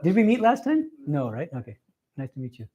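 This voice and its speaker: A man's voice: a little high, huge pitch swings, fairly quick, dark tone, slightly rough, highs cut off. A man in his forties, a monk giving a spiritual lecture to a live audience and telling stories with earnest emphasis. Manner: earnest, emphatic storytelling with laughs. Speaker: visiting swami giving a talk. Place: meditation hall with a live audience.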